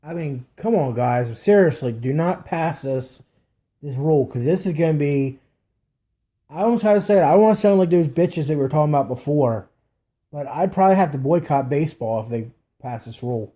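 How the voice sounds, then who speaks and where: A man's voice: on the high side, animated, fairly quick, mellow. A man co-hosting a sports podcast, worked up and emphatic as he agrees with his partner. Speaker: podcast co-host. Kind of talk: casual sports talk.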